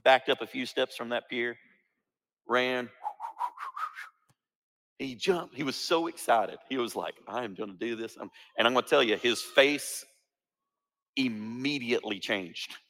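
A man's voice: medium pitch, measured pace, pauses often, a bit bright. A man preaching a sermon, acting out quoted lines with jokey asides. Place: church sanctuary. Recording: reverberant church hall.

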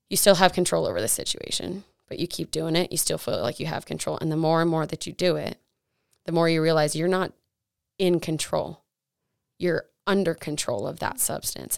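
Young woman co-host, low and gravelly, earnest testimony, dry sound. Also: no echo. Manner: earnest testimony, many likes and restarts. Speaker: podcast co-host. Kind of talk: faith podcast chat.

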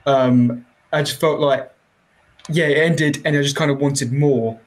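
A man who is a podcast guest, talking about a film in a relaxed, rambling way. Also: mid-range voice, unhurried, poor audio. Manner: relaxed, rambling, laughs easily. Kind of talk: casual film review chat.

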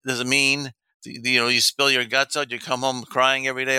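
A man's voice: mid-range voice, fairly quick, clear, resonant tone, dry recording. A middle-aged man coaching men on dating, telling stories in casual talk and acting out the dialogue with laughs. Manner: animated storyteller, acts out quoted dialogue, laughs often.

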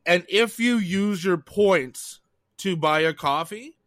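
A man's voice: sits high, slow, fairly bright tone, no echo, studio quality. A young adult man from Canada, a podcast co-host, in casual chat, heated and profane, rambling as he talks.

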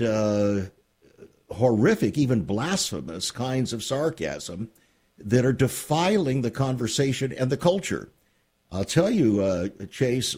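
Male radio host, raspy and lively in pitch, earnest and emphatic with his guest. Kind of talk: radio interview.

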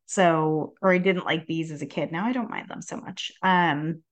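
A woman in her thirties with a fairly low voice co-hosts a casual podcast. She talks frankly and lively, with a curse word slipped in here and there. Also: moderate pace. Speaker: podcast co-host.

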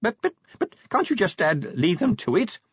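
A jittery, stammering little clerk, as a male narrator puts him on, his voice climbing high and thin with fright. The tone is husky and the audiobook recording is dull and dry. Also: very animated, fairly quick, dry recording, full character voice. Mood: fretful. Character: nervous fussy male clerk inspector.

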